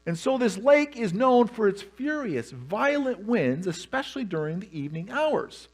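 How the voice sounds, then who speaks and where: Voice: mid-range voice, very animated, normal speed. A pastor preaching a sermon, telling the story with humor and animation.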